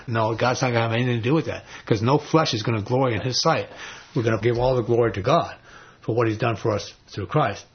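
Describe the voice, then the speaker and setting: A man teaching an informal Bible study, retelling stories in a folksy way with many fillers and lively quoted voices. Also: mid-range voice, quick pace, lo-fi sound, a little hiss or hum.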